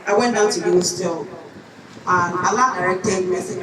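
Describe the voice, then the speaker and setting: A woman's voice: fairly low pitch, steady tone, a little slow, crowd noise. A woman teacher giving an earnest conference lecture, telling a personal story from her school. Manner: earnest, storytelling, acts out quoted voices. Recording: echoey hall, distant mic, audience.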